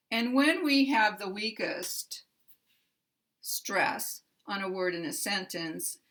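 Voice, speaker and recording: An American woman teaching English pronunciation, slowly pronouncing and repeating single words with careful articulation. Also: mid-range voice, bright, forceful tone. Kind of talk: slow, deliberate pronunciation lesson.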